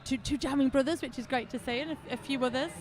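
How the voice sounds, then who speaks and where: A woman's voice: sits high, fast. A woman from New Zealand commentating a roller derby game live, chatty and playful, bantering with her co-commentator.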